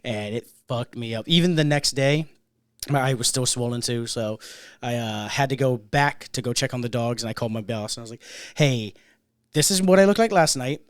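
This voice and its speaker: A man's voice: medium pitch, moderate pace, clear, resonant tone, dry recording, clean studio sound. A man hosting a casual podcast chat, a bartender telling stories with lots of swearing and laughter. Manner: profane, laughing storyteller. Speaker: podcast host.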